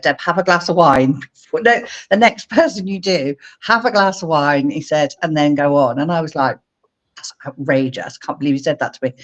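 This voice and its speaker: A middle-aged woman from England, a guest on a video-call interview, telling animated stories and acting out her own past lines. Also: sits low. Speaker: guest, speaker mentor. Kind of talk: casual interview chat.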